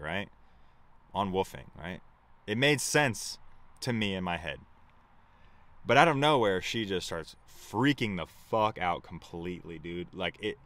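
A man's voice: on the low side, fairly bright tone. A young man telling a road-trip story in a loose, rambling way, swearing often and laughing at himself. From United States. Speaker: vlogger. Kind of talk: casual storytelling to camera.

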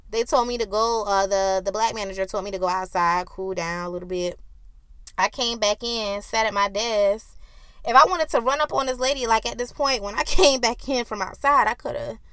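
A woman hosting a solo podcast, telling a story in a heated, profane way and acting out arguments loudly. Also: fairly high pitch, dry recording. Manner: acts out quoted arguments loudly. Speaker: podcast host.

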